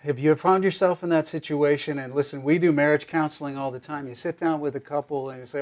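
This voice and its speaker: Guy cohosting a marriage talk, kinda high voice, jokey and playful. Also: steady tone, fast, hardly any pauses. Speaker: co-host of marriage devotional. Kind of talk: casual teaching chat.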